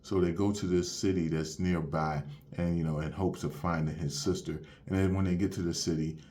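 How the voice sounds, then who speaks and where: A man's voice: low voice, fairly even intonation, fairly quick, mellow. A young man recapping a manga chapter in loose, slangy casual talk, walking through the plot step by step. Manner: loose and slangy, retelling the plot with "you have it where". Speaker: manga reviewer.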